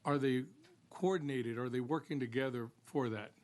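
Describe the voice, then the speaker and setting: A man chairs a legislative hearing. He asks halting, searching questions in a mid-range voice. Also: medium pitch. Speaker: committee chair.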